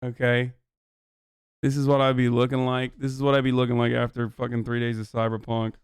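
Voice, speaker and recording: A man's voice: mid-range voice, monotone, fairly quick, clean tone, no room sound, clean studio sound. A man hosting a live stream in casual chat, talking loosely with rambling asides and frequent swearing. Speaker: streamer host.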